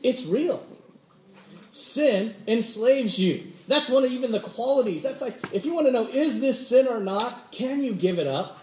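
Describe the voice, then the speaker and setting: A man with a bright, high voice preaches a sermon in a roomy, echoing church hall. He tells stories with lively energy and acts out everyday conversations. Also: unhurried, a little hiss or hum. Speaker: pastor. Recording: roomy echo.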